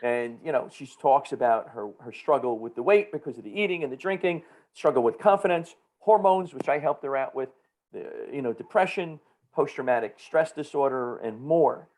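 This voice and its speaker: A man's voice: medium pitch, expressive, normal speed, darkish tone. A man with a New Jersey accent hosting a podcast, talking in an upbeat, playful, enthusiastic way with his guest. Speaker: podcast host. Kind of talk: casual interview chat.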